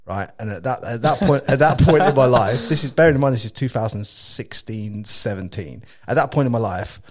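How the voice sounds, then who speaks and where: A man in his thirties from England with an English accent, hosting a podcast and telling a story in casual, animated chat, laughing often and swearing freely. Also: medium pitch, brisk, crowd noise. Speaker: podcast host.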